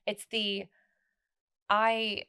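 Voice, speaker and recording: A woman hosting a casual podcast conversation, talking in rambling, animated bursts with frequent restarts and laughter. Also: mid-range voice, very slow, clear, resonant tone. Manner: rambling, many restarts and fillers. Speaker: podcast host.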